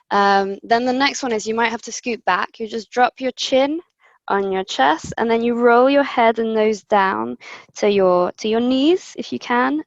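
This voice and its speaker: This voice coach presenter, heard through a computer mic on a video call, guides breathing and voice exercises in a friendly, step-by-step way with lots of ums. Her voice sits a little high, with no room sound and clipped highs.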